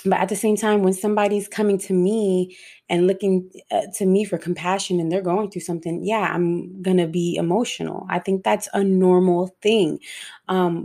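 Low, gravelly-voiced woman speaking frankly. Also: warm tone. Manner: frank and emotional, swears freely, speeds up and slows down. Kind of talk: candid personal monologue.

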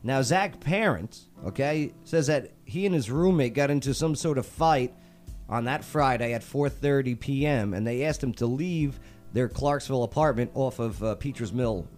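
A man's voice: medium pitch, lively intonation, moderate pace, a little mellow. Talk show host, male, casual and jokey, faint music bed. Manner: loose, chatty, jokey with cohost.

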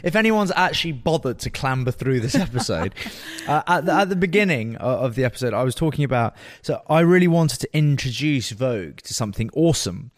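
A man's voice: medium pitch, animated, a little fast. A man co-hosting a podcast, bantering and teasing in a casual, exclamatory way. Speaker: podcast co-host. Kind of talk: casual bickering chat.

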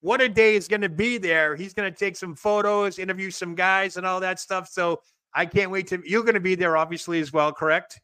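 A man with a Boston accent hosting a show, energetic and rambling as he chats and plugs events. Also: high-pitched, a little fast, clean tone, no echo. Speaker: podcast host. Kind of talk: casual show chat and plugs.

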